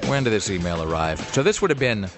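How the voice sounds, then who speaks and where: Fast-talking wry male radio host. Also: on the low side, big pitch swings, over music. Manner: rambling, wry, many fillers. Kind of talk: casual radio banter.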